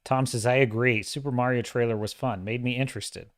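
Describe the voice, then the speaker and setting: A man hosting a livestream, giving opinionated, animated commentary and acting out quoted dialogue. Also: medium pitch, a little fast, no echo, studio quality. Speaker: livestream host.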